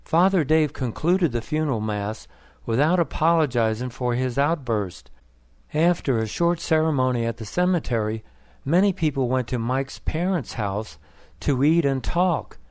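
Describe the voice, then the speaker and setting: Male narrator, mid-pitched voice, plain even storytelling, dry close sound. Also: moderate pace, no room sound. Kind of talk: scripted story narration for English learners.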